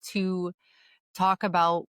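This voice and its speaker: A woman's voice: fairly low pitch, flat delivery, takes it slowly, clean tone, dry recording. A woman hosting a casual podcast interview, chatty and encouraging toward her guest. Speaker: podcast host.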